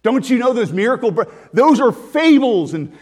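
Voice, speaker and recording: A man's voice: very high voice, sing-song, moderate pace, darkish tone, in a large hall, voice pushed up, heavily acted. A man voicing a dismissive modern skeptic who keeps needling with repeated rhetorical jabs. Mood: mocking.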